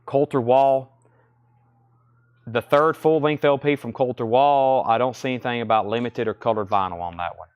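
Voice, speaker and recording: Smooth-voiced man selling records live. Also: mid-range voice, moderate pace, dry recording. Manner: rattles off titles and prices, chatty asides. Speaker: record seller. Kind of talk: live sale stream, casual selling.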